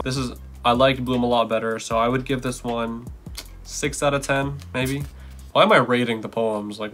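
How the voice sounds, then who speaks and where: A man's voice: mid-range voice, a bit bright, a little hiss or hum. A young man vlogging in a casual, chatty way, reading aloud and commenting with playful asides.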